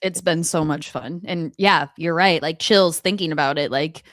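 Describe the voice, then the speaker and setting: A woman's voice: deep voice, moderate pace, a bit bright, no echo, clean studio sound. A woman co-hosting a hockey podcast, chatty and gushing, with lots of "like" fillers. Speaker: podcast co-host. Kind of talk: casual hockey chat.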